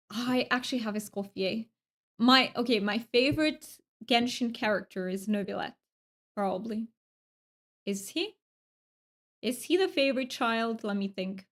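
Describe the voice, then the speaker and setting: A woman's voice: on the high side, a little slow, fairly bright tone. A woman streamer chatting casually while she plays, rambling with fillers and restarts. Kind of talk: casual gaming stream chat.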